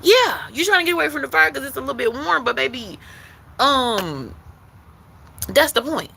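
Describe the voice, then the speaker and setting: A woman's voice: sits high, very animated, moderate pace, creaky, sharp tone, slight background noise, low-quality recording. A woman giving a spiritual tarot reading, emphatic and repetitive, who calls the listener baby and swears casually. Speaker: intuitive card reader.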